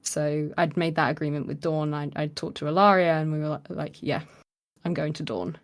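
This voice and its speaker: A woman's voice: deep voice, moderate pace. A woman co-hosting a podcast, telling a story in casual chat and acting out the quoted lines with lots of fillers. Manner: animated retelling, acts out quoted lines with many fillers. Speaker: podcast co-host.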